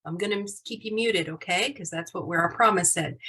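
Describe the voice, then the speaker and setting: A woman's voice: on the low side, a little fast, hardly any pauses, pushed and bright, breathy edge. A woman teaching a live online class over a video call, upbeat and full of praise for her students.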